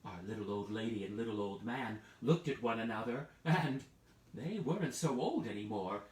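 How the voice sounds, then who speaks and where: A man's voice: medium pitch, moderate pace. A man telling a children's story live online, playful, and prompting listeners to act along. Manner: playful, lively, addresses listeners with hand-play prompts. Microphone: video call. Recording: roomy, distant from the mic.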